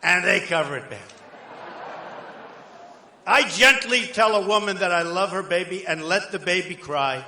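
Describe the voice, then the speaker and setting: A man's voice: high-pitched, lively intonation, normal speed, long pauses, pushed and bright, slight background noise. A man giving a campaign rally speech, boastful and repetitive, with rambling asides. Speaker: political candidate addressing a rally. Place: large rally hall. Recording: echoey hall with long reverb.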